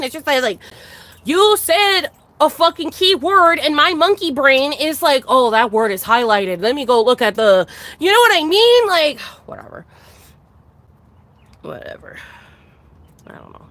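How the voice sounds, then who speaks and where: A streamer with a high, sing-song, slightly bright voice vents casually to her viewers at a moderate pace. She's exasperated, swears constantly, and keeps restarting her sentences.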